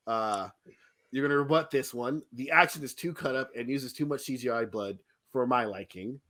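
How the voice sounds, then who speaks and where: A man's voice: medium pitch, moderate pace, a bit bright. A man co-hosting a podcast, giving a blunt, complaining movie review in casual chat and laughing often. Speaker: podcast co-host.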